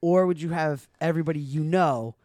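Animated storytelling woman podcast host. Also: low-pitched, brisk, no echo, studio quality. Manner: animated storyteller who acts out friends' quoted lines, swears freely. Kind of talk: casual storytelling chat. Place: podcast studio.

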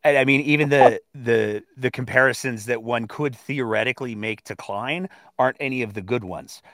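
A man hosting a live audio chat, talking in a measured, hedging way with frequent restarts. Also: mid-range voice, fairly bright tone, dry recording, studio quality. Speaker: host.

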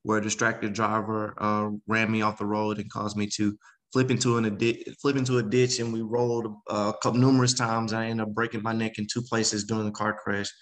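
Man, 30s, interview guest, casual storytelling, animated. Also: on the low side, fairly quick, rough recording. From Memphis, Tennessee. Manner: animated, acts out quoted voices. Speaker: guest speaker.

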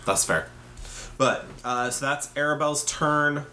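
A man running a tabletop game as game master, hesitant, with many ums and quick apologies. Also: fairly high pitch, sharp tone, a little hiss or hum.

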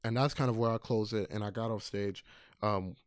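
A man's voice: fairly low pitch, steady tone, fairly quick, clear, resonant tone, no room sound, studio quality. A man casually telling a heartfelt personal story, earnest, with frequent fillers and restarts. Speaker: storyteller recalling camp counseling.

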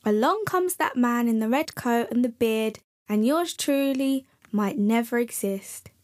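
Grumpy moaning snowman guy, a lady doing him, slow and grumbly. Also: on the high side, a little mellow, close to an everyday voice. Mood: grumbling. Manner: moaning, complaining.

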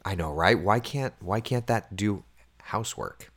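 Brief: male host in his thirties, gravelly low voice, animated casual chatter. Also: measured pace. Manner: chatty and animated, laughs often, drops to a hushed near-whisper at times. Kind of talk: casual chat reading viewer comments.

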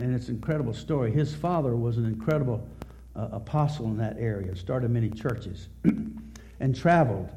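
A middle-aged male pastor preaches a sermon at a church service, telling a story haltingly and often repeating words. His voice is mid-range with a warm tone.

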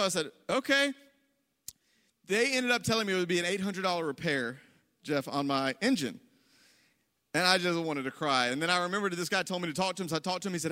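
A young man preaches to a congregation in a high, bright voice. He tells his story with animated energy and pushes toward near-shouting on the points he wants to land. The sound rings out with a long reverb from a large church hall. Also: normal speed. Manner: animated, rises to near-shouting on key lines. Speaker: pastor. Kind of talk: sermon storytelling.

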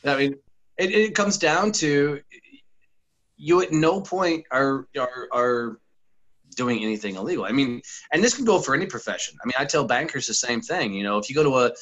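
A man's voice: medium pitch, animated, moderate pace, a bit bright, poor audio. A man, a podcast guest and former sales trainer talking bluntly and profanely in a casual interview, full of anecdotes.

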